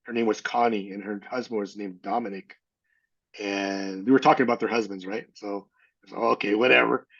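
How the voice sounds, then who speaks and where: A man's voice: on the low side, fairly even intonation, moderate pace, fairly bright tone, husky, dull audio. A man from California telling a personal story as an interview guest, acting out the people he quotes. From California, USA.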